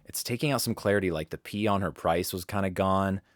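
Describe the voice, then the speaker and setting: Deep-voiced casual male voice coach. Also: fairly quick, dry recording, studio quality. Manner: casual, rambling, restarts sentences. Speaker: voice-over coach. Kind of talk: live webinar teaching. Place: home studio.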